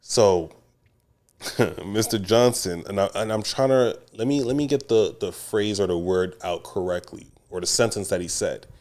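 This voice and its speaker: A man's voice: fairly low pitch, measured pace. A young man co-hosting a podcast, telling a story casually with slang and frequent laughs. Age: young adult. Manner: animated, laughing often, slangy. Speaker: podcast co-host.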